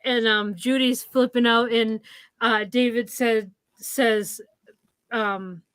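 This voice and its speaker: A woman's voice: fairly high pitch, steady tone, a bit bright, smooth, dry recording. Hesitant woman recapping a film, dry sound. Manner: halting, hesitant recounting with many fillers. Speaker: podcast co-host. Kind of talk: casual movie recap chat.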